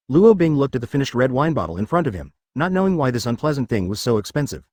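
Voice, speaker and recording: A man's voice: mid-range voice, sing-song, fast, few pauses, a little mellow, dry recording, studio quality. A man reading a story aloud as scripted audiobook narration, in a matter-of-fact way.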